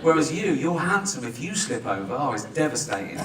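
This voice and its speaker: A man's voice: fairly high pitch, heavy background noise. A middle-aged man with an English accent, joking and self-mocking as he talks about his film at a press conference, often breaking into laughter. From England. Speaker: writer-director and actor. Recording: roomy hall, distant mic.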